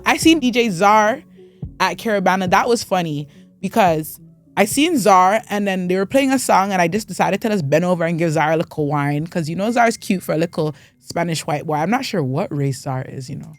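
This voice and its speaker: Animated young woman telling a story. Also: normal speed, soft background music. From Canada. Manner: animated storyteller who acts out quotes with big pitch jumps. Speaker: host. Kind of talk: casual storytelling recap.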